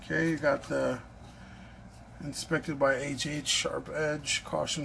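Slow-talking gushing man unboxing. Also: on the high side, level tone, gravelly, background noise. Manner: breathless, gushing and repeating himself. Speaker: knife collector vlogger. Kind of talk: excited unboxing vlog.

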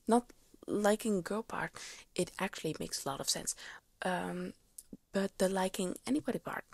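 A bumbling, earnest teenage wizard boy who rambles to get his words out, as a woman reading a story puts him on. The voice is low and gravelly, with a dry, close sound. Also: no echo. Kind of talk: fan fiction reading.

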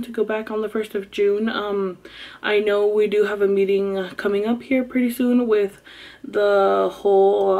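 A woman's voice: medium pitch, a little mellow. A young woman chatting casually to her camera at home, rambling with lots of ums. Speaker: vlogger. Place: at home, sitting down.

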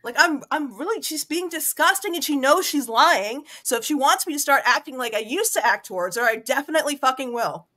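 A woman's voice: sits high, expressive, fairly quick, hardly any pauses, sharp tone. A woman gossiping angrily and profanely in casual stream chat.

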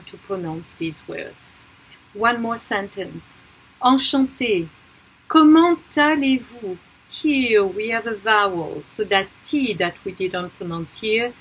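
A woman's voice: medium pitch, fairly bright tone, a little hiss or hum, poor audio. A woman teaching a French pronunciation tutorial, patiently repeating each example word.

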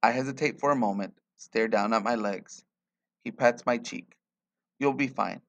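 A man reading a short story aloud in a quiet, measured way. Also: fairly low pitch. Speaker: reader.

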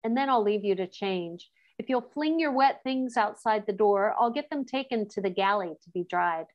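A woman's voice: mid-range voice, animated, muffled recording, close to an everyday voice. A woman reading aloud voices a friendly, hospitable young king in a lightly raised tone. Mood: helpful. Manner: hospitable, brisk. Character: friendly, warm-hearted young male king. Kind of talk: storybook read-aloud.

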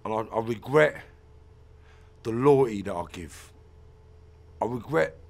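An ex-offender turned mentor and motivational speaker, a middle-aged man, tells an interviewer about his past intensely, bluntly and profanely, with emphatic repeats. His voice is medium-pitched and gravelly.

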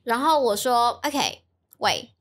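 A woman whose first language is Mandarin, a teacher co-hosting a casual podcast, telling stories lively and mixing in English. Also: on the high side, a little slow. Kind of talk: casual bilingual chat.

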